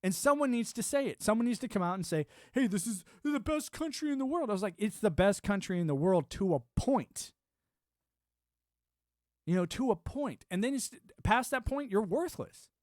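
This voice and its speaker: A man with a high, darkish voice and lively intonation hosts a live stream at normal speed, delivering a rambling, sarcastic political rant. He mocks other people's views in put-on quotes, and the studio-quality audio has no room sound.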